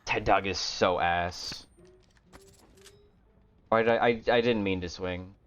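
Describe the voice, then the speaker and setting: A man streaming a game, talking to himself in a low-energy, grumbling way and swearing often. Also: fairly even intonation, takes it slowly. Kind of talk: casual gameplay commentary. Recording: dull lo-fi stream audio.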